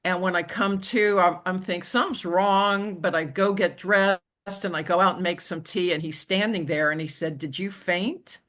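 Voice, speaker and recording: A woman telling her own story as an interview guest, in a halting way with frequent restarts and "you know". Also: on the low side, fairly even intonation, fairly bright tone. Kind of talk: conversational personal storytelling.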